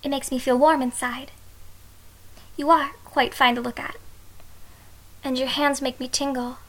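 A woman's voice: sits high, flat delivery, fairly bright tone, exaggerated voice, rough recording. A woman playing a shy, innocent young bride in an audio role-play, speaking hesitantly and sometimes dropping to a whisper. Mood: bashful curious. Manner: hesitant, halting, drops to whispers.

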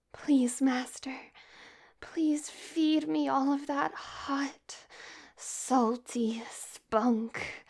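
An eager female robot switched to a seductive mode breathes and whispers her pleas, as a woman puts her on. The voice is high and slow, drifting between soft voiced words and airy whispers. A whispered role-play for adult audio.

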